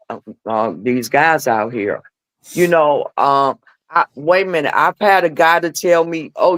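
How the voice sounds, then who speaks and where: A middle-aged woman telling candid personal stories as a podcast guest. She acts out the dialogue in her stories with lively voices. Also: deep voice, dry recording. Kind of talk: candid storytelling chat.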